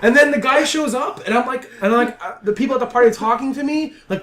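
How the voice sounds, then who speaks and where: A man's voice: very high voice, fast talker, hardly any pauses, fairly bright tone. A man hosting a casual video game podcast, telling a long story animatedly and acting out the voices of the people in it. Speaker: podcast host. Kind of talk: casual chat.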